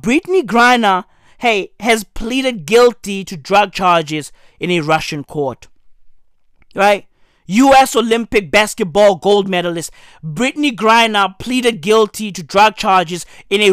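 A man giving a comedic, profane news rant. He is hoarse from losing his voice and keeps tossing in "right?" and "bruh". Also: high voice, fairly bright tone, dry recording, studio quality. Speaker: commentary vlogger.

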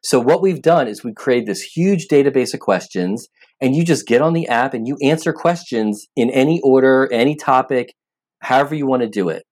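A man's voice: mid-range voice, expressive, normal speed, darkish tone. A man being interviewed as an app founder, talking earnestly and with emphasis, often repeating words as he starts a thought. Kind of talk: interview conversation.

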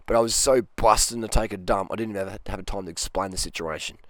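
A man's voice: on the low side, quick pace, fairly bright tone, no room sound, clean studio sound. Blunt rambling man. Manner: rambling, blunt, acts out quoted voices. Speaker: dating advice talker. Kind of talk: casual monologue to camera.

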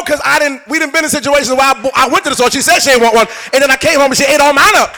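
A man's voice: very high voice, rapid-fire, hardly any pauses, sharp tone. A middle-aged man preaching a live sermon in church, joking with and coaxing the congregation.

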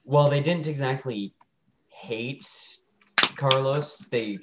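A man's voice: medium pitch, takes it slowly, muffled recording, heavy background noise. A man in a tabletop role-play discussion, speculating about where the story could go. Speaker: player. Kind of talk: casual tabletop game discussion.

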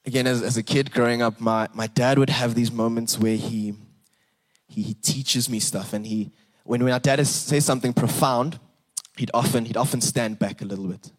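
A young man preaching a sermon, earnest and animated, repeating words and rising for emphasis. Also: mid-range voice, moderate pace. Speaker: pastor.

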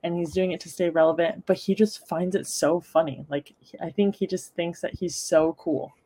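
A woman's voice: on the low side, fairly even intonation, normal speed, dark tone, slightly rough. A young woman co-hosting a casual podcast, giving blunt, dismissive opinions. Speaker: podcast co-host.

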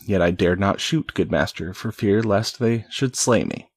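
Guy reading a loyal outlaw, slow old-timey talk, low husky voice. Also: no echo. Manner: slow archaic storybook delivery. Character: bold loyal outlaw, grown man.

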